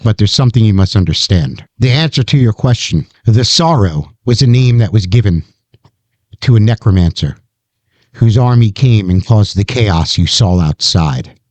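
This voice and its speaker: A man voicing a stern, mysterious guardian who is the heroine's uncle, speaking in measured pronouncements. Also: fairly low pitch, animated, a little mellow, dry recording. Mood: grave.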